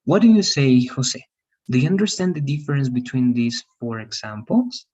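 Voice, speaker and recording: Husky teacher checking in with "all right?". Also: mid-range voice, big pitch swings, normal speed, warm tone. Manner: explains step by step, often checking with "all right?". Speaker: English teacher. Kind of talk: online grammar lesson. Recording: distant, dull online class audio.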